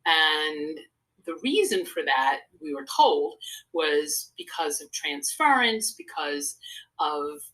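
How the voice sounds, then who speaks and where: Older woman with a bright, forceful voice. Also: low-pitched, very animated, takes it slowly, rough recording. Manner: earnest, rambling storyteller. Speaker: guest, psychotherapist and speaker. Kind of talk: casual interview conversation.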